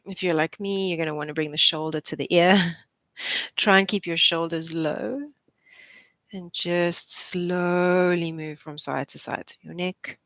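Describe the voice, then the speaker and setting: A young woman physiotherapist coaches a live posture class with upbeat, chatty cues and easy laughter. Her voice sits a little low for a woman. The sound is close and dry, with no room echo. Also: steady tone, a little slow, fairly bright tone. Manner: encouraging, chatty, laughs often. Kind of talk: live exercise class instruction.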